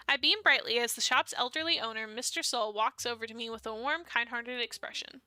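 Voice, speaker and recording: Young woman, streamer, reading a dating sim aloud, playful, high voice, dry sound. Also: fairly quick, few pauses, pushed and bright, dry recording, faint music behind. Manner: playful, laughing asides.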